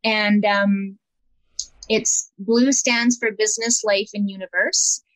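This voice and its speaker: A woman's voice: medium pitch, fairly even intonation, slow pace, a bit bright, no echo, rough recording. A woman being interviewed as an empowerment coach, talking in an earnest, reflective way and often restarting her sentences. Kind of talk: casual interview conversation.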